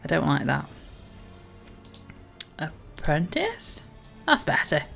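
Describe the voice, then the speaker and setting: Chatty low-voiced woman game streamer. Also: unhurried, faint music behind. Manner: chatty, rambling, many ums. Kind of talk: casual gameplay commentary.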